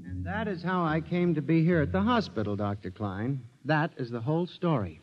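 A man's voice: fairly high pitch, expressive, normal speed, soft background music. An actor playing a paranoid man accused of murder, narrating and pleading in an old-time radio drama. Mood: feverish. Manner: agitated, pleading, rising to screams. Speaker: narrator and lead character. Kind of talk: 1950s radio drama acting. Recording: dull old radio recording.

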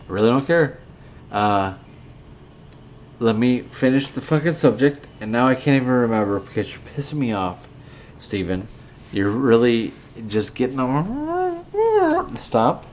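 A man's voice: medium pitch, big pitch swings, a little slow, slight background noise. A drunk man hosting a podcast, rambling and swearing as he bickers with a co-host. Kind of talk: casual drunken rant.

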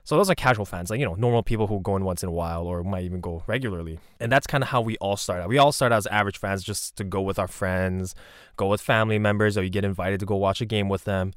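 A man's voice: deep voice, quick pace, no room sound, studio quality. A man from Canada giving a rambling, conversational monologue with frequent asides and restarts. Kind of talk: casual monologue.

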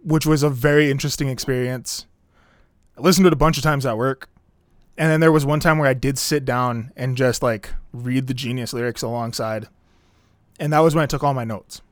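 A man's voice: medium pitch, fairly quick, no echo, clean studio sound. Laid-back man breaking down an album. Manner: relaxed, rambling, many "like" fillers. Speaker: podcast co-host reviewing an album. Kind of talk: casual chat.

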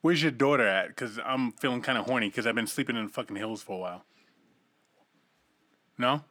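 A man's voice: medium pitch, brisk, bright, forceful tone, dry recording. A young man hosting a casual podcast chat, brash and profane, firing off questions and stories.

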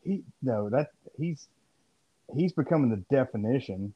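A man's voice: medium pitch, expressive, measured pace, slightly rough. A man co-hosting a podcast in casual chat, rambling and profane as he riffs. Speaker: podcast co-host. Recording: muffled lo-fi audio.

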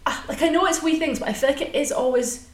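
A woman's voice: sits high, fast talker. A young woman in casual chat, chatty and teasing. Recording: roomy echo.

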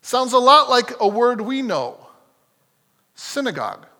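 Pastor guy preaching, chatty and animated, swoops up and down a lot, echoey church sound. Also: very high-pitched, a little slow. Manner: animated, conversational, self-correcting. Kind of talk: sermon. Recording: long hall reverb.

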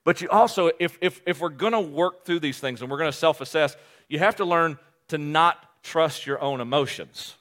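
A male pastor preaching a sermon, animated and joking at his own expense, often restarting his phrases. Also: on the high side. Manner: animated, joking, self-deprecating, with quick restarts.

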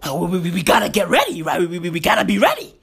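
Brief: woman playing a jittery warmongering man, lower voice, rushed repeated stammers. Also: sing-song, gravelly, husky, exaggerated voice. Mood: anxious.

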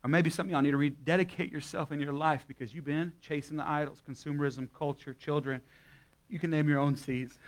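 The voice is fairly high and steady, with a slightly quick pace. It belongs to a young adult guest pastor at a church service who talks to the congregation in a down-to-earth, conversational way, telling a story before leading prayer.

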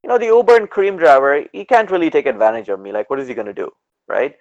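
A man from Canada, a podcast guest, telling stories in a casual, animated way and acting out the people he quotes. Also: fairly high pitch, fast talker. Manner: animated, acts out dialogue in quoted voices, laughs often. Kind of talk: casual storytelling in a podcast interview. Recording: dull lo-fi podcast audio.

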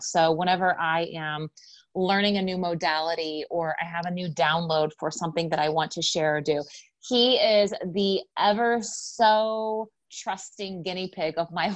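A woman's voice: fairly low pitch, no room sound. A woman hosting a spiritual podcast, talking in an effusive, gushing way as she introduces and chats with a friend. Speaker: podcast host.

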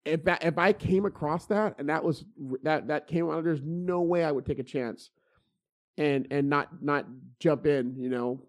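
A man's voice: a little high, moderate pace. A middle-aged man telling stories in casual chat, swearing freely and restarting his sentences with repeated words. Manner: profane, animated, many stammered restarts.

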